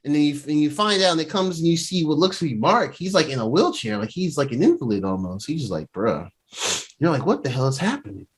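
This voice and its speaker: A man in casual podcast chat, retelling a show scene by scene. His voice swings widely in pitch as he jumps into the characters' lines, and his tone stays loose and conversational. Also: fast talker, hardly any pauses, husky. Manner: animated storytelling, acting out characters' lines. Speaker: podcast co-host. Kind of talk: casual chat recapping a TV episode.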